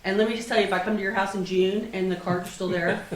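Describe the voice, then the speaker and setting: A woman's voice: mid-range voice, steady tone, quick pace. A woman with a cold giving a casual talk to a meetup group as a professional organizer, chatty and often checking in with the audience. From Texas. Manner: chatty, keeps asking "right?" of the audience. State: has a cold. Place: meeting room with an audience. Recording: echoey room, mic at a distance.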